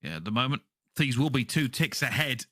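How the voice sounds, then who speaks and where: A man doing animated color commentary on an esports match, laughing and drawing words out for emphasis. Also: mid-range voice, fairly quick, no room sound, clean studio sound. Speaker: esports analyst caster. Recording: clear game gunfire behind.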